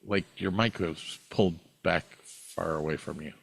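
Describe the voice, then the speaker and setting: Slow-talking man cracking crude jokes. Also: sits low, steady tone, vocal fry, fairly bright tone, dry recording. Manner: joking, crude humor. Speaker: podcast co-host. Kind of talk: casual chat.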